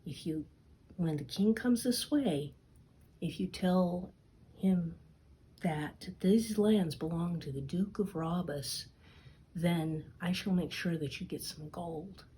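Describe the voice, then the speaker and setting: A woman voicing a clever, smooth-talking male cat who persuades in a hushed, sly way, with a husky, slow delivery. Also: lowish voice, heavily acted. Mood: scheming.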